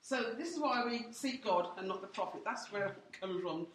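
A woman's voice: medium pitch, animated, moderate pace, distant mic, a little hiss or hum. A woman teaching in church, telling her story in a chatty way with many fillers and voicing others in quotes. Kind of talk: teaching testimony. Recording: roomy and off-mic.

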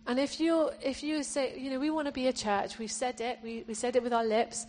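A woman's voice: high-pitched, little pitch movement, a little fast, hardly any pauses, darkish tone. A woman preacher from England giving an earnest sermon, often restarting her phrases as she exhorts the congregation.

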